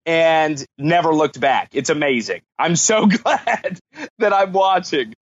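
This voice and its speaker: A man's voice: fairly high pitch, lively intonation, slow pace, dull audio. A man from the United States who is a guest on a podcast, playful and self-deprecating in casual chat.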